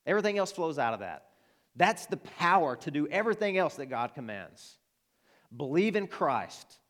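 A man's voice: fairly high pitch, sing-song, normal speed, fairly bright tone. A man with an Arkansas accent preaching a sermon to his church, earnest and emphatic, building to passionate appeals. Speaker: pastor.

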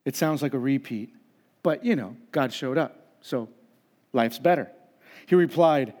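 A pastor preaching a sermon in a conversational, humorous way, acting out the voices of the people in the story. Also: male voice, mid-range voice, a little slow, pauses often, a little mellow. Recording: long reverb of a large hall.

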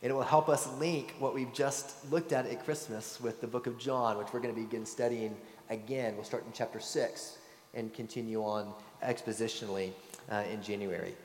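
A man's voice: mid-range voice, fairly even intonation, moderate pace. A middle-aged male pastor preaching a sermon in a church sanctuary, telling stories earnestly and reading scripture with emphasis. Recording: long church reverb.

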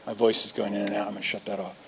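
A man preaching a sermon, animated and conversational, acting out quoted voices to make his points. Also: on the low side, rapid-fire. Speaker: pastor.

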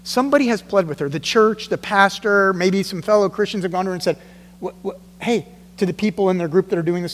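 A man preaching a sermon in a church, animated, acting out the voices he quotes. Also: high-pitched, brisk, in a large hall, slight background noise. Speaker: pastor.

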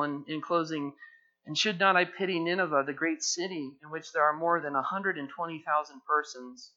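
A man preaching a sermon, reading scripture aloud with emphasis and retelling the story in lively paraphrase. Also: a little high, moderate pace. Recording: dull lo-fi recording.

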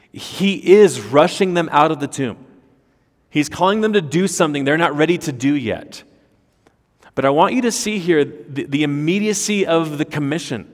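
A man's voice: fairly high pitch, animated, moderate pace. Emphatic male preacher in a reverberant hall. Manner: emphatic, with rhetorical questions and repeated words. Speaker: pastor. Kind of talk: expository sermon. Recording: long reverb of a large hall.

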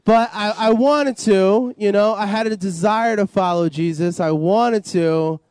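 An interview guest, a man with a high, smooth, slightly mellow voice, recounts his life story at a measured pace. He rambles and repeats, full of "you know" and "like," and there's no room sound.

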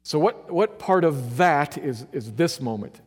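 A man's voice: expressive, measured pace, slightly rough. Earnest male preacher in a reverberant hall. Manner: earnest, emphatic, swings between loud urging and quiet low stretches. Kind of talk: sermon.

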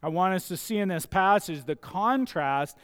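Gravel-throated preacher in a reverberant hall. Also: male voice, high-pitched, expressive, normal speed, a bit bright. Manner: emphatic, repeats key phrases for stress. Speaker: pastor. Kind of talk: sermon.

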